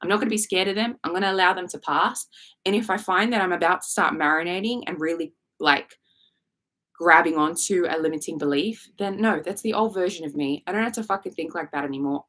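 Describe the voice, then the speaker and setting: Aussie woman ranting on a live coaching stream, sassy and blunt, swears a lot, lowish voice. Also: a little fast, a bit bright. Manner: blunt, sassy, swears freely, acts out quoted inner voices. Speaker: manifestation coach.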